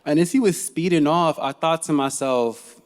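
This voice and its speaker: A man telling a funny personal story to a live audience, animated and laughing as he goes. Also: on the high side, moderate pace. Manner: animated and comic, laughing as he tells it. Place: theater stage.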